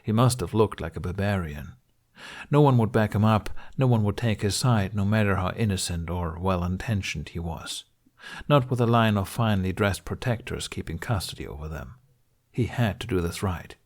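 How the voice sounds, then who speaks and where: A man narrating an audiobook in a steady storytelling delivery. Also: low-pitched, normal speed. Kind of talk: scripted narration.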